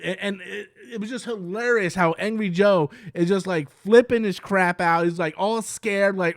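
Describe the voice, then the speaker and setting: Heated and rambling, this man's YouTube commentary is full of false starts, tripping over words, and impressions of what others said. His high-pitched voice moves at normal speed with few pauses, captured on a dry recording.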